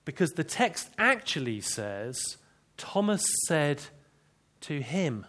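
A man preaching a sermon, earnest and emphatic, slowing down to read scripture. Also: mid-range voice, big pitch swings, a bit bright.

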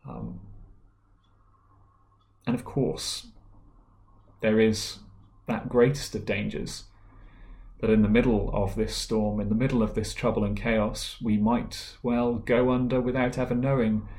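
A man delivering a sermon in a fairly low voice, earnest and plain-spoken, possibly. He stops and restarts now and then, with small fillers between his points. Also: steady tone, a little slow, pauses often, darkish tone. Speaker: preacher.

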